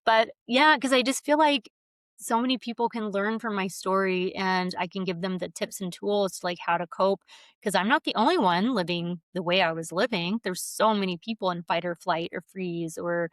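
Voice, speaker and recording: A woman's voice: mid-range voice, moderate pace, dry recording, studio quality. A woman podcast guest talking openly and earnestly about healing, often laughing and acting out her own inner voice. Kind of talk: reflective conversational interview.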